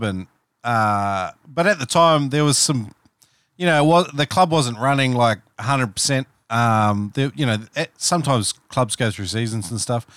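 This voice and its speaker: A man hosting a podcast, chatting in a rambling, animated way. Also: mid-range voice, no room sound. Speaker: podcast host. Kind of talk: casual interview chat.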